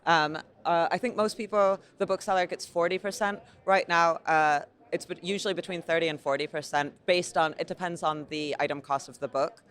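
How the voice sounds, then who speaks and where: A woman's voice: fairly low pitch, a little fast, hardly any pauses, a bit bright. A woman with an American accent, a gallery owner and curator, talking earnestly in a casual interview at an indoor art fair, with lots of fillers and easy laughter.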